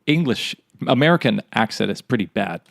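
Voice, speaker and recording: A man's voice: lowish voice, lively intonation, brisk, vocal fry, no room sound. A man co-hosting a podcast in casual chat, rambling and speculating, laughing at his own stories. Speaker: podcast co-host.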